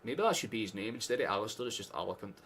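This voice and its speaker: A man's voice: lowish voice, animated, racing, fairly bright tone, slight background noise. A Scottish man hosting a live football watchalong, chatting casually with sarcastic asides and frequent swearing. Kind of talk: casual live match chat.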